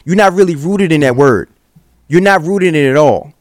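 A man's voice: fairly high pitch, normal speed, no echo, clean studio sound. A man co-hosting a podcast in casual chat, arguing his point earnestly with frequent restarts. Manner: earnest, argues with repeated stumbles. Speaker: podcast co-host.

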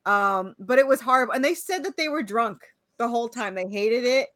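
A woman's voice: on the high side, lively intonation, fairly quick, a bit bright, no room sound. A middle-aged woman co-hosting a podcast, chatting casually, laughing often and trailing off with fillers. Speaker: podcast co-host. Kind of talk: casual chat.

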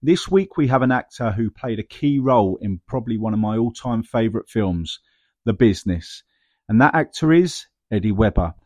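A man's voice: on the low side, animated, moderate pace, a little mellow, no room sound. A man hosting a podcast, giving an upbeat scripted intro to the episode. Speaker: podcast host.

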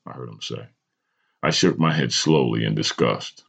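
A podcast host with a gravelly, husky bass voice reads a personal story aloud at normal speed, telling it dramatically with small stumbles. The recording sounds dull and lo-fi.

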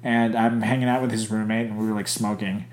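A man's voice: lowish voice, a little fast, echoey room. A young man co-hosting a casual chat, telling crude stories with lots of swearing. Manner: crude, animated storyteller, swears a lot.

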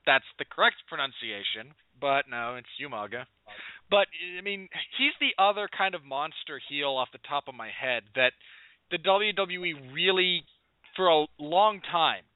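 A man's voice: fairly high pitch, clean tone, no room sound. A man hosting a podcast in casual chat, recalling details as he talks. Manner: thinking aloud, recalling details mid-sentence. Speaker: podcast host. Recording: tinny phone-like line.

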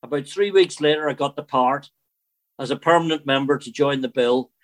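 An older man, an actor telling stories in a casual interview. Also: normal speed. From Northern Ireland. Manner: chatty storyteller, animated swings in pitch. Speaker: actor guest.

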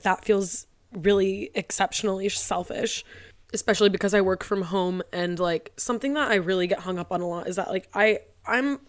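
A young woman hosting a solo podcast from her living room, talking close into a mic. She rambles and fills her speech with "like", and she is tearful. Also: on the low side. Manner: rambling, heavy use of "like", tearful and laughing. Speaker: podcast host. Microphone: studio mic, close.

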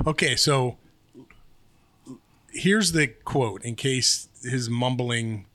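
A man's voice: mid-range voice, drawn-out words, pauses often, fairly bright tone. A man co-hosting a podcast in rambling, sarcastic casual chat. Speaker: podcast co-host.

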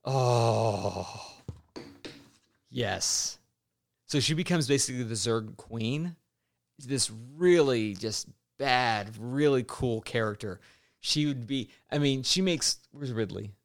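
A man talking games with a friend in an easygoing, rambling way, stopping and restarting mid-sentence and laughing as he goes. his voice sits at an ordinary middle pitch, neither high nor low. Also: takes it slowly, gravelly. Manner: rambling, self-correcting, laughs often. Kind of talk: casual gaming chat.

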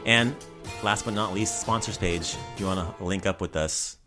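A man's voice: deep voice, moderate pace, over music. A man hosting a language podcast, chatting casually with jokes and plugging the show. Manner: upbeat, jokey, rambling plugs. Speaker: podcast host.

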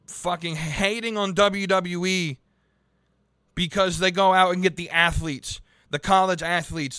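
Young man, high voice, bright tense tone, profane heated rant, dry close mic. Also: smooth, no room sound. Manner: profane, heated, rambling with restarts. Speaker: podcast host reviewing wrestling. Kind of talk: casual ranting commentary.

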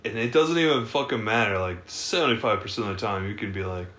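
A young man co-hosting a podcast, telling stories in a relaxed, profane way, a bit tipsy from beer. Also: lowish voice, fast talker, a little hiss or hum. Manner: laid-back, laughing storyteller, swears a lot. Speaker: podcast co-host. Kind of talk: casual chat. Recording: roomy echo.

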